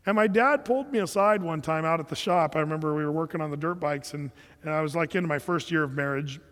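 A man's voice: on the high side, fast, a bit bright, big-room sound. A middle-aged man preaching a sermon in a conversational, storytelling way with frequent restarts. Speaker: pastor.

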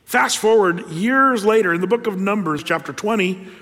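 A male pastor preaching a sermon, telling the story with lively energy and rhetorical questions. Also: high voice, normal speed, in a large hall.

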